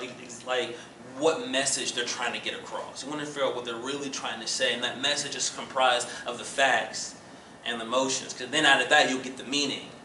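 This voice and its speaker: In a church room, a medium-pitched man runs a relationship class amid slight background noise. He animatedly acts out scenarios with humor and laughter, and the recording comes from an echoey mic set at a distance.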